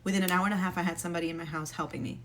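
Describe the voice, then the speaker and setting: Earnest young mom, low-ish voice, faint room noise behind, heartfelt testimony. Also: female voice, fairly even intonation, racing, a bit bright. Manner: earnest, emotional, with many fillers and restarts. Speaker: single mom sharing a faith testimony. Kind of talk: casual personal testimony.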